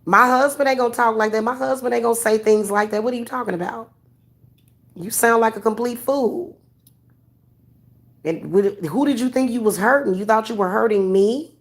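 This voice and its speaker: A woman's voice: a little high, moderate pace. A woman who gives spiritual readings, ranting to her viewers in a blunt, profane, preachy way. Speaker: vlogger giving spiritual readings.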